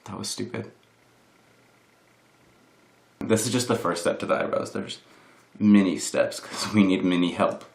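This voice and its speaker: In a low, gravelly, steady voice, a young man takes his time through a casual home makeup tutorial, leaving long pauses. He's a vlogger who rambles, teases himself, and fills his speech with "like," filming on a camera set on a box. A roomy home echo surrounds him.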